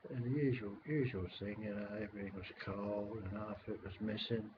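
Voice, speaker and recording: A man's voice: lowish voice, steady tone, a little fast. An older man with a London accent rambles and grumbles his way through a casual webcam chat. The webcam audio is dull and lo-fi, with a faint hiss underneath. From England. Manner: rambling, grumbling, swears mildly. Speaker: webcam caller. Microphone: webcam microphone.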